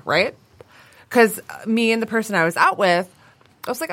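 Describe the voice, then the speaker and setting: A woman's voice: mid-range voice, quick pace, dry recording. A woman co-hosting a podcast, chatting casually and telling stories with a laugh. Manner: lively, laughing, tells stories. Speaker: podcast co-host. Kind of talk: casual chat.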